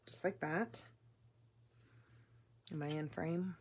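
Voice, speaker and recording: Woman host of a casual live craft class; chatty, excitable, slightly low-pitched. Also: takes it slowly, slight background noise. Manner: chatty, gushing, excitable with fillers. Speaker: papercraft demonstrator hosting a live class.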